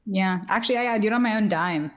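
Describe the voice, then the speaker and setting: A woman hosting a baseball podcast, chatting casually in a bubbly, playful way with quick asides. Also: medium pitch, slight background noise. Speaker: podcast host. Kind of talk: casual sports podcast chat.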